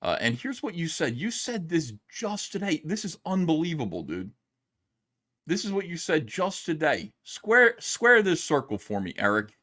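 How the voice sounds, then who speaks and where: Man, streamer, exasperated loud rant, profane, high-ish voice, very animated pitch. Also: moderate pace. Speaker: streamer reacting to videos. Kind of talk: angry commentary rant. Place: home, downstairs.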